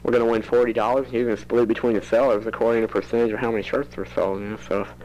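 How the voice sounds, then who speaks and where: A man's voice: medium pitch, little pitch movement, very fast, darkish tone, muffled recording. A teenage boy rambling into a home cassette recorder for his audio diary, chatty and prone to giggling. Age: teens. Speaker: student keeping a tape diary.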